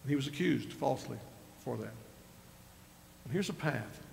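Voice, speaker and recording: Older male pastor, gravelly, conversational sermon delivery in a reverberant church hall. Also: mid-range voice, expressive, normal speed, a little mellow, slight background noise. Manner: conversational preaching, retells scripture with rising emphasis. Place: church sanctuary.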